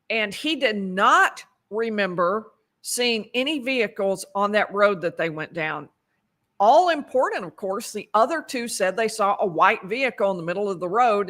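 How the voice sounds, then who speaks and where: A woman's voice: medium pitch, bright, forceful tone. A woman giving a casual, conversational recap of a court trial, correcting herself as she goes and dropping dry asides. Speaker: legal commentator.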